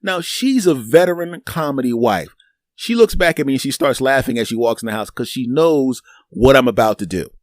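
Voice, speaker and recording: A man's voice: medium pitch, animated, moderate pace, no room sound, studio quality. A middle-aged man hosting a podcast, telling a long story in a loose, rambling way, repeating words and acting out both sides of conversations. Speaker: podcast host. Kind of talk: casual storytelling monologue.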